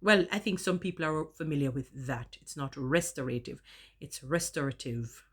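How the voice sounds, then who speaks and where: Low-voiced woman savouring her words. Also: brisk, husky. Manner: elaborate, expressive, savours long words. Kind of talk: casual vlog monologue.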